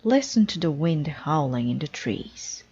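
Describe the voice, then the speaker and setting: Lady reading a chill kind frog guy, low slow voice, storybook style, muffled lo-fi audio. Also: very animated, darkish tone, exaggerated voice. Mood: teasing. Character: calm, kindly male frog storyteller. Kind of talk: storybook read-aloud.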